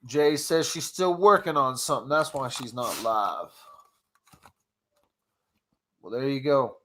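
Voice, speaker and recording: A man's voice: medium pitch, takes it slowly, sharp tone, dry recording. A man with a stuffy nose from a cold, hosting a casual live-stream chat, rambling, laughing often and restarting his sentences. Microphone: phone.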